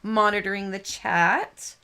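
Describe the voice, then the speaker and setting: A woman hosts a craft live stream in a bubbly, rambling way. She laughs often as she chats with viewers. Her voice sits at a middle pitch. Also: steady tone, takes it slowly, sharp tone, clear, resonant tone. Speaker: host of a card-making live stream. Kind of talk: chatty live-stream banter.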